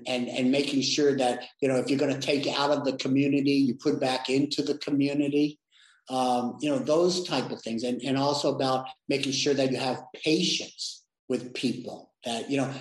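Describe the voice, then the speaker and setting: A man being interviewed, talking reflectively with many restarts. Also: medium pitch. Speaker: interview guest, sales leader. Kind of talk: conversational interview. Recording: echoey room.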